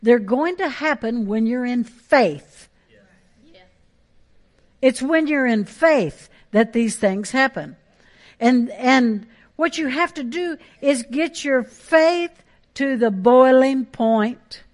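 A woman's voice: sits high, animated, slow pace. A woman pastor, preaching a sermon with emphatic, repeated phrases.

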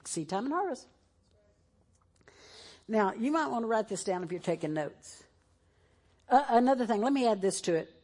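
A woman's voice: fairly high pitch, animated, moderate pace, long pauses, a little mellow. Woman, preacher, church sermon, emotional. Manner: emotional, shifts between fervent and tearful. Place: church sanctuary, televised.

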